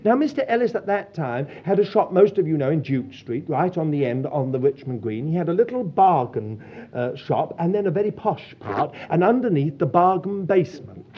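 Older congregation leader, husky tone, fairly high and very expressive pitch, tells stories in a testimony talk and does the voices, lo-fi recording. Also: male voice, moderate pace. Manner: animated storytelling, acts out quoted voices. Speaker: Christian fellowship leader. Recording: dull lo-fi recording.

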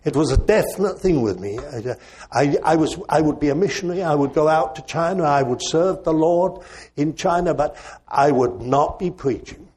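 An older man, a preacher, telling a personal story in a reflective, gently self-mocking way. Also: fairly high pitch, normal speed, husky. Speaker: preacher and former missionary.

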